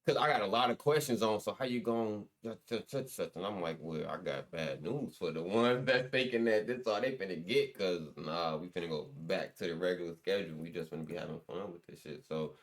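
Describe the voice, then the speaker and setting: A man's voice: sits low, a little fast, hardly any pauses. A young man, a guest musician, telling stories in loose, slangy casual chat with lots of restarts.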